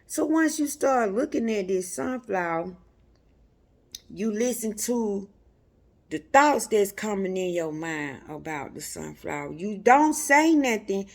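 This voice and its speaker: A woman giving an unscripted spiritual teaching, speaking to her listeners in a repetitive, preacherly way and sometimes dropping to a hushed near-whisper. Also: mid-range voice, expressive, takes it slowly, gravelly.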